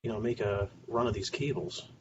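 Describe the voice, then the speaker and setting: A man co-hosting a casual podcast, easygoing and relaxed as he talks through his projects. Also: fairly low pitch, normal speed, dull audio, slight background noise. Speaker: podcast co-host.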